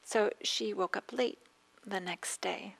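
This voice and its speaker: A woman meditation teacher giving a dharma talk, with a scratchy throat, telling stories in an unhurried way that often trails into soft whispers. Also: mid-range voice, steady tone, creaky.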